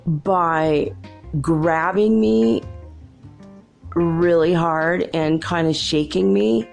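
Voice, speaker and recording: A woman with a low voice and a gravelly, creaky edge talks in a loose, rambling storytelling manner as a podcast host. She keeps it chatty and laughs often, with faint guitar music in the background. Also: takes it slowly, a little mellow. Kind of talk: casual storytelling monologue.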